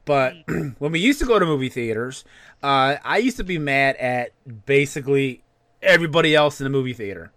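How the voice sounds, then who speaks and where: A man's voice: mid-range voice, lively intonation, fairly quick, fairly bright tone, dry recording. A man co-hosting a podcast, ranting casually and swearing freely. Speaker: podcast co-host. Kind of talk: casual rant.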